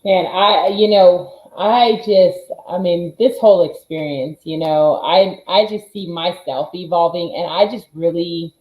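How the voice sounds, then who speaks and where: A woman fitness coach talking in a casual group chat, energetic and emotional, with tough-coach enthusiasm. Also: fairly low pitch, unhurried, hardly any pauses, echoey room, dull audio.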